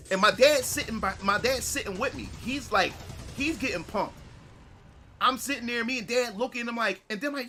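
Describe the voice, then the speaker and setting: A man in his thirties, a gaming streamer, reminiscing in casual commentary, excitable and repetitive, swearing and restarting his sentences. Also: extremely high pitch, brisk, faint music behind.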